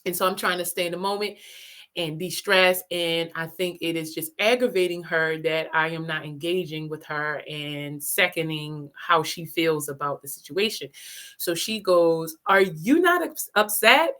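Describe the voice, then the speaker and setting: A woman host recounting a personal story in a relaxed, chatty way. Her voice is bright and pointed, set a touch low, and she breaks into laughter often. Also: moderate pace. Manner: animated, laughs often while telling a story. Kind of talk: casual storytelling.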